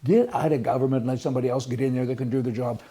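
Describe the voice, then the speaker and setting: A man's voice: medium pitch, fairly even intonation, racing, warm tone, slightly rough. An older man who hosts a rambling, folksy, opinionated commentary show. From Canada. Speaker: host.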